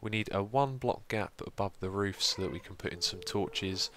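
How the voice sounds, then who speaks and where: Young guy w/ a low rough morning voice, chill game commentary, lots of ums. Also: moderate pace. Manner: steady, explanatory, frequent ums. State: groggy morning voice, deeper than usual. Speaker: let's play host. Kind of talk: casual gameplay commentary.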